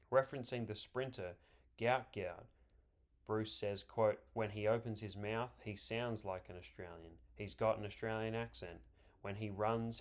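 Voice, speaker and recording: Low-voiced man reading measured commentary. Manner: measured, deliberate reading with stressed words. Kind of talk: scripted political commentary, reading quotes aloud.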